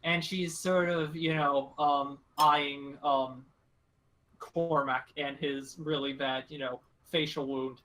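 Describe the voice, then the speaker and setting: A man narrating as game master in a tabletop role-playing game. He is hesitant and fills gaps with ums. His voice sits fairly high and sounds bright and sharp. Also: flat delivery, takes it slowly.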